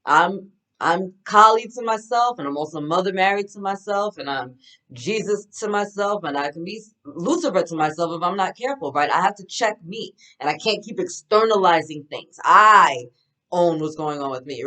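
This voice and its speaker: A woman's voice: on the low side, normal speed, bright, forceful tone, rough recording. A woman reading oracle cards, giving a casual spiritual pep talk in an enthusiastic, affirming, chatty way. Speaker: spiritual card reader.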